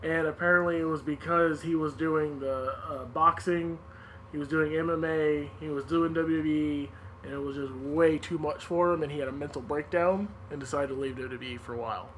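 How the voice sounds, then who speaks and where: A podcast host recounts the news in loose, casual chat, laughing often and swearing freely. His voice is on the high side and a bit bright, with fairly even intonation and a moderate pace, on a low-quality recording with a little hiss or hum.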